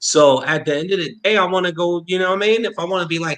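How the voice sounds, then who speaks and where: A man co-hosting a casual group podcast chat, animated and slangy, laughing and cutting in on the others. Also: high voice, quick pace, few pauses, poor audio. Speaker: podcast co-host.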